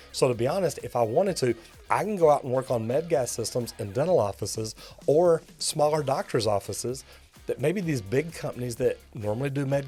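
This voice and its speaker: A man's voice: medium pitch, darkish tone, husky. A middle-aged man, a master plumber teaching the trade to viewers in an upbeat, direct coaching tone. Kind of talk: instructional video talk to viewers.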